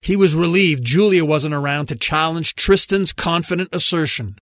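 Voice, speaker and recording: A man narrating an audiobook in a measured, even reading from a close studio mic. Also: fairly high pitch, no room sound. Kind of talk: scripted narration.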